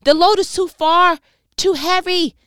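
A woman's voice: extremely high pitch, steady tone, a little slow, a bit bright, no room sound, studio quality, voice pushed up. A woman voicing a distraught, exasperated male prophet, pleading in anguish.

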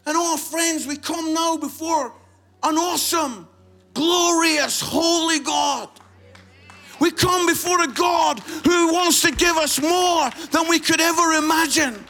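A Scottish man preaching a fervent sermon in a church, rising to shouts and telling stories full of quoted dialogue. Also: extremely high pitch, takes it slowly. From Scotland. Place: church service.

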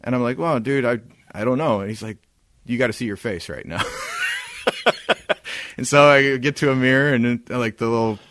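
A mid-range male voice at a moderate pace, broken by long pauses and slight background noise, tells a story on a podcast he co-hosts. The chat is casual, full of swearing, with animated impressions of quoted speech.

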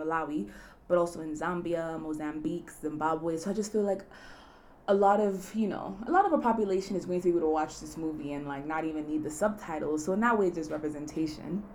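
A young woman from Kenya hosts her weekly podcast, talking loosely and playfully. She laughs a lot and fills her sentences with easy asides. A faint hiss sits under her voice. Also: lowish voice. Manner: chatty, laughs often, lots of fillers like "you know". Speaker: podcast host. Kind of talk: casual solo podcast chat.

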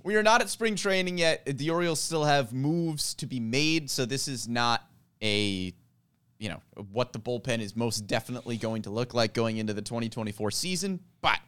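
Man with a smooth, clear voice. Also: medium pitch, moderate pace, fairly bright tone. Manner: jokey, then lays out a list analytically. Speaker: podcast co-host. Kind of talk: casual sports podcast chat. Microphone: handheld mic.

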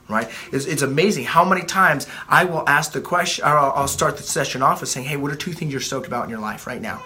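A man's voice: fairly high pitch, expressive, a little fast, hardly any pauses, pushed and bright, a little hiss or hum. A man in his thirties, a life coach giving a blunt motivational talk, swearing freely and often repeating himself.

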